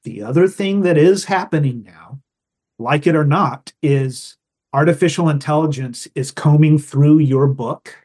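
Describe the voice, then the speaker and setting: A man's voice: fairly high pitch, a little slow, a little mellow. A man, a guest on a podcast, talking in a casual, thoughtful way and explaining his ideas through examples and anecdotes. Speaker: guest storyteller.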